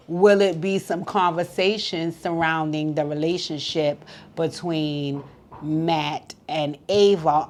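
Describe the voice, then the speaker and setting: Chatty low-voiced woman reviewing reality TV. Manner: candid, chatty, swears freely. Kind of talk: casual recap commentary.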